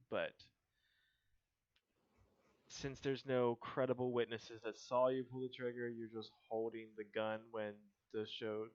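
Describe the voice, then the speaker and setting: A man doing a stern, weary lawyer brother. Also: fairly low pitch. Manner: scolding, matter-of-fact. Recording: dull lo-fi stream audio.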